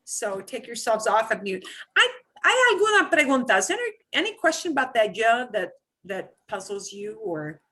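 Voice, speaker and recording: Bright-voiced woman teaching Spanish online. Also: a little high, very animated, moderate pace. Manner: patient, models words for students to repeat. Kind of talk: online beginner Spanish class. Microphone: video call.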